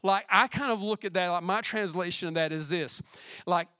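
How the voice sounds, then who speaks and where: A man's voice: sits high, moderate pace, bright, forceful tone, smooth, no echo, clean studio sound. A young man preaching a casual, slangy sermon, talking to his congregation in a conversational, emphatic way and often repeating himself for stress.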